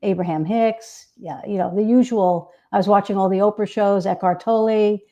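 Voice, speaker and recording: A woman author with a mellow, warm voice, answering interview questions over a video call. She speaks in a reflective, halting way, with frequent ums. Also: mid-range voice, fairly even intonation. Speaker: guest author.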